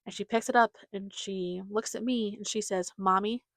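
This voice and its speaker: Chatty young mom, dry close sound. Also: female voice, medium pitch, steady tone, normal speed, no room sound. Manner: chatty, giggly, lots of fillers. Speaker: podcast host. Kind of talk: casual solo chat.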